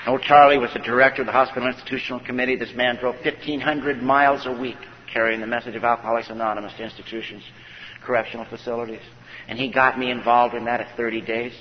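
A man's voice: medium pitch, level tone, quick pace, a little hiss or hum. A man telling his personal recovery story from a conference stage, folksy, often acting out what other people said to him. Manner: folksy storyteller who acts out quoted dialogue. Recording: dull echoey hall recording.

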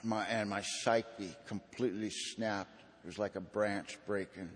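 A man's voice: fairly low pitch, fairly even intonation, measured pace. Man, recovery meeting speaker, folksy, earnest, long hall reverb. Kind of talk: personal testimony talk.

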